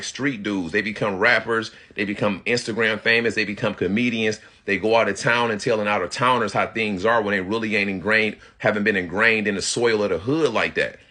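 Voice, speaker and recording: A man from Detroit talks straight to his viewers in a thick Detroit accent, blunt and profane. His voice has a bright, forceful edge. He sounds like he's in his thirties. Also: on the low side. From Detroit, USA. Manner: blunt, profane street talk with loud imitations. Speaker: vlogger. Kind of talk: casual monologue to camera.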